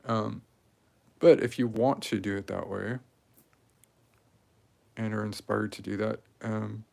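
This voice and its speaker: A man in his forties talking casually and rambling while he strings beads, with many pauses and fillers. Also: fairly low pitch, fairly even intonation, vocal fry, darkish tone. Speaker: craft video maker. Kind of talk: casual talk while crafting.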